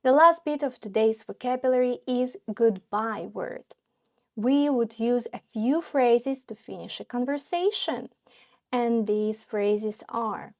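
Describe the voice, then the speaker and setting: A woman gives a beginner language lesson in a podcast, taking her time and repeating every phrase so learners can follow. Her voice sits a little high, and her tone is patient and encouraging, like a teacher. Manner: slow, careful, repeats each phrase for learners.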